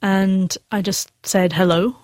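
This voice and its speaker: A woman's voice: mid-range voice, steady tone, takes it slowly, a little mellow, no room sound. A middle-aged woman who stutters, telling her personal story candidly as an interview guest. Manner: stutters with sound repetitions, candid and earnest.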